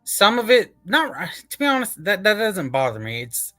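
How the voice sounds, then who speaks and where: A man hosting a casual comic review chat, excitable, laughing often and swearing casually. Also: high voice, normal speed, faint music behind.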